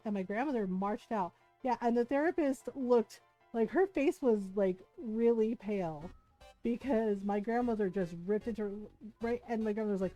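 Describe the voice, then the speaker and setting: Mellow-voiced woman telling a story on stream. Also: mid-range voice, brisk, soft background music. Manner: animated retelling, acts out quoted people; many fillers like 'right?' and 'like'. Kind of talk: casual storytelling chat to stream viewers.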